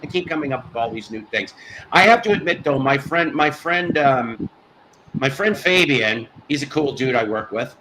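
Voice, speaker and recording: A man's voice: mid-range voice, animated, moderate pace, noisy background. A man hosting a casual live stream, ranting at his chat in an exasperated way, with stops and restarts. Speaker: host.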